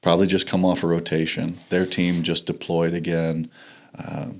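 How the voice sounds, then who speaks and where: A man speaks as a podcast guest, looking back in a relaxed, reflective way. His voice is extremely deep and gravelly, with plenty of fry. He talks in loose, easygoing sentences. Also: normal speed. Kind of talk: casual chat.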